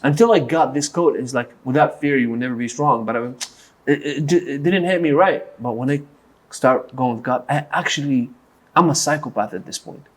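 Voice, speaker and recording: Man, earnest storyteller. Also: mid-range voice. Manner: earnest, storytelling, halting restarts. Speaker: boxing coach. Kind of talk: casual podcast conversation.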